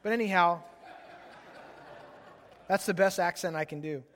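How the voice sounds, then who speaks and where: A man in his late thirties, a pastor, preaching a sermon and telling stories in a relaxed, chatty way. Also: high-pitched, a little slow. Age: late 30s. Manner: relaxed, chatty storytelling with laughs. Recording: long hall reverb.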